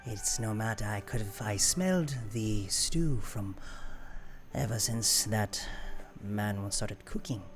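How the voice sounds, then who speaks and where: A man voicing an old, scarred male cheetah-folk traveler with a put-on French accent, speaking softly and graciously in a tabletop game. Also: fairly low pitch, expressive, soft background music, pitched below the performer's own voice. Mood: courteous. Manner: soft, slow, gracious. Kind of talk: tabletop game role-play.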